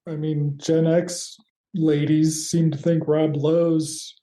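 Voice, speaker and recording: Woman, podcast co-host, very mellow low voice, dry wit, echoey room. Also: slow pace. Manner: wry, deadpan retelling. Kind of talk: casual episode recap.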